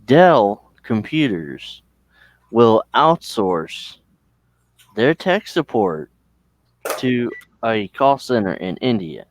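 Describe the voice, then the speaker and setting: A man's voice: on the low side, sing-song, drawn-out words, pauses often. A man from the United States chatting casually and rambling, swearing freely. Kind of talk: casual chat.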